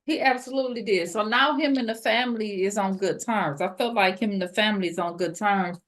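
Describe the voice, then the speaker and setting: A woman co-hosting a casual chat podcast, recapping a reality show in a slangy, animated way with voiced quotes. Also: medium pitch, brisk. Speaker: podcast co-host.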